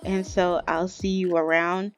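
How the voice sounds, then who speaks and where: A woman's voice: lowish voice, flat delivery, a little slow, faint music behind, close to an everyday voice. A woman voicing a casual young woman politely saying goodbye at a party. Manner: casual, offhand.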